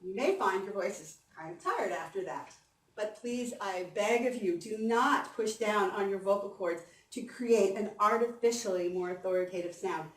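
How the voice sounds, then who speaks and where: A woman's voice: mid-range voice, normal speed. Woman voice coach in an echoey hall. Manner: animated and encouraging, guiding the audience through exercises. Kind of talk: conference workshop talk with exercises. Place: conference hall. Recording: echoey hall, mic from a distance.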